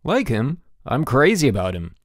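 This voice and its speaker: A man's voice: mid-range voice, wildly swooping pitch, normal speed, dry recording, studio quality. Man reading doing a cheeky prankster schoolboy, breezy, talks his way around things. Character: scheming, cheeky teenage schoolboy.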